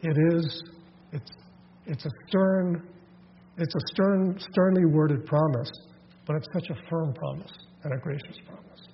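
A man preaching a sermon, animated and full of quick voiced asides and restarts. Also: a little high, vocal fry. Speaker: pastor. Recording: dull lo-fi sound with long hall reverb and faint noise.

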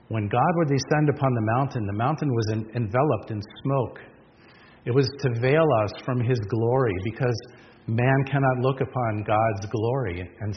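A man preaching a sermon, earnest and emphatic, asking the congregation rhetorical questions. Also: medium pitch. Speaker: pastor. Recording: dull lo-fi sound with long reverb and faint noise.

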